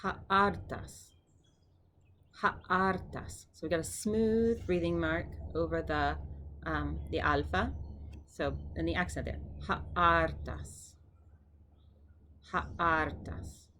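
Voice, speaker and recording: Casting: low-voiced woman teacher, chatty lesson, words said slowly and repeated, faint hiss behind. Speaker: language teacher. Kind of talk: casual vocabulary lesson.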